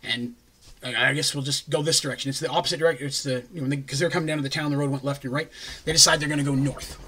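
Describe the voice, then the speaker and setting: Bright, husky-voiced man recapping a game. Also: on the high side, steady tone, very fast. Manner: rambling, jokey asides. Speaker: game master recapping a campaign. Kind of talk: casual tabletop campaign recap.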